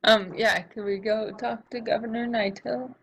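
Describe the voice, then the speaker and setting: A woman's voice: on the high side, fairly even intonation, normal speed, background noise. A woman playing in a tabletop game, chatting casually and pressing with eager questions. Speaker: player.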